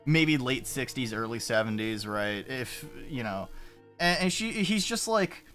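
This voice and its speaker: A man's voice: medium pitch, expressive, unhurried, a bit bright, faint music behind. Rambling, swearing male streamer. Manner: rambling, swears, self-interrupting. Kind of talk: casual live-stream chat. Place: home room. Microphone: desk mic with noise gate.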